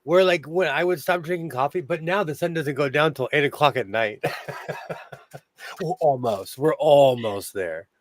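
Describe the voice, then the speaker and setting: A man with a Minnesotan-sounding accent hosts a sewing channel livestream from his home sewing room, chatting casually, telling stories and laughing often. His voice is fairly high, his speed normal, and the recording dry.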